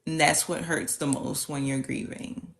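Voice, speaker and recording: A woman's voice: sits low, steady tone, moderate pace, vocal fry, a little hiss or hum. A woman guest on a podcast, talking in a reflective, thoughtful way in loose run-on phrases. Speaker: podcast guest, end-of-life specialist. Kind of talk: casual podcast conversation.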